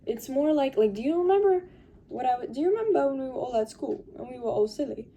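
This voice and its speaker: A young woman rambles through a casual confessional vlog, weary and full of fillers. Her voice is very mellow and dark, recorded on a phone camera with faint noise underneath. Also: high-pitched, lively intonation, quick pace, lo-fi sound. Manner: sorting through makeup and purse while talking. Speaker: vlogger.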